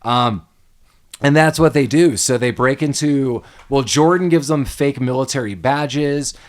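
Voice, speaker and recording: Male podcast host, casual, animated recap, acts out characters. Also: medium pitch, a little slow. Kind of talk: casual movie recap chat.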